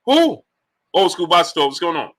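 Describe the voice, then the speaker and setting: Bright-voiced man hosting a boxing livestream. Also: medium pitch, normal speed. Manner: animated, shouts out viewer names between opinions. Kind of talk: casual live stream chat, reading super chats.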